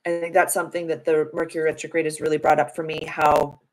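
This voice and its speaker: A woman's voice: low-pitched, little pitch movement, fast, low-quality recording. A young adult woman giving a casual live tarot reading, chatty and affirming with spiritual wording. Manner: chatty with many "like" fillers. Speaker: tarot reader and live-stream host.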